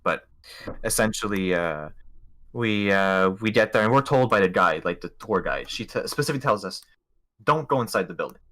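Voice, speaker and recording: A man's voice: on the low side, lively intonation, normal speed, fairly bright tone. A young man from Montreal, hosting a casual podcast, telling rambling, profane, jokey travel stories. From Montreal, Canada. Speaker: podcast host. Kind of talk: casual storytelling chat.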